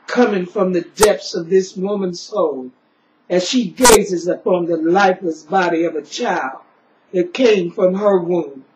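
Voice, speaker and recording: A woman's voice: fairly low pitch, a little slow, darkish tone, slight background noise. A middle-aged woman giving a solemn, grieving spoken-word poetry recital, leaning on a repeated refrain. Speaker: poet. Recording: roomy, dull lo-fi recording.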